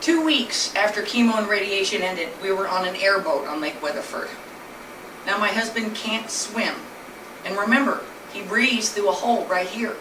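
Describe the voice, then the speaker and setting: In a personal storytelling presentation, a woman recounts her husband's illness with plain-spoken earnestness. Her voice is medium in pitch and her speed normal, and she sounds distant in a loud, echoing room.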